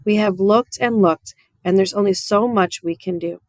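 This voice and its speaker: A weary preacher father from a storybook, speaking softly and earnestly in an everyday mid-range voice, as a woman narrator reads him. The sound stays close and dry, with no room around it. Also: medium pitch, normal speed, dry recording, lightly acted. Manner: soft, earnest and tender. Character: gentle, weary small-town preacher father.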